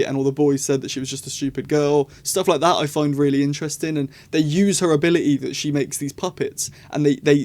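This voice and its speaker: A man's voice: a little high, darkish tone. Enthusiastic young man rambling. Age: young adult. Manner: enthusiastic, rambling, frequent restarts. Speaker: video reviewer. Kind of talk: casual review ramble.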